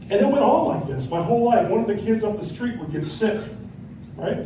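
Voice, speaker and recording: A middle-aged man performing a stand-up comedy set, telling stories with acted-out quotes and tacking on a quick "right?" after punchlines. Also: high voice, big pitch swings, warm tone, far from the mic, a little hiss or hum. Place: comedy club stage. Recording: echoey club, mic from afar, faint crowd.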